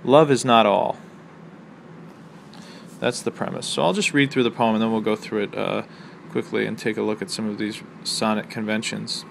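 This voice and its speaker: A man teaching a college English lesson on the sonnet, explaining in a relaxed way with frequent ums and uhs. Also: lowish voice, a little fast, creaky, hardly any pauses, a little hiss or hum. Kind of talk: recorded lecture on poetry.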